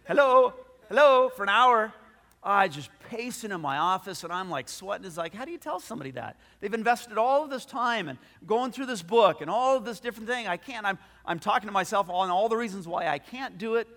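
Man, pastor, sermon, storytelling, restarts, somewhat high pitch, reverberant hall. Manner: storytelling, animated, with frequent restarts.

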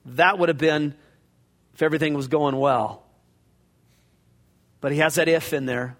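A pastor delivers an expository, verse-by-verse sermon conversationally, acting out scripture passages in character. His voice is fairly high and a bit bright, at normal speed with long pauses, and a large hall's long reverb surrounds it.

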